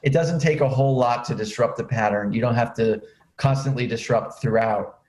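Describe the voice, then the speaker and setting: A man's voice: mid-range voice, normal speed, darkish tone. A man hosting an interview, talking loosely and chattily about speaking and performance. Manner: chatty, loose, with many fillers. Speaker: host. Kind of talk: casual interview chat. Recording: roomy echo.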